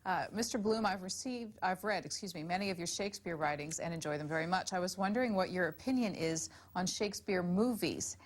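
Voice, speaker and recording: A woman hosting a call-in show, introducing callers and reading viewer emails in a brisk manner. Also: on the low side. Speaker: call-in host.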